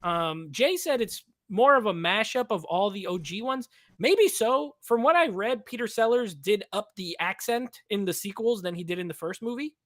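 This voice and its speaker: A man's voice: high voice, lively intonation, normal speed, few pauses, dry recording, studio quality. A man co-hosting a casual movie review chat over a video call, rambling and filling his talk with "like.". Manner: rambling, heavy use of "like". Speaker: podcast co-host.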